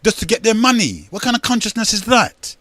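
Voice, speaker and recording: A man's voice: high-pitched, big pitch swings, a little fast, bright, forceful tone, no echo. An older man, hosting a radio talk show in a rambling, emphatic monologue that repeats words and addresses listeners as brethren.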